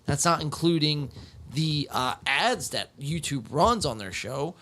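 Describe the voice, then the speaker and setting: A man's voice: on the high side, animated, a little slow, bright, forceful tone. A man hosting a podcast, reacting to clips in casual, profane, joking commentary.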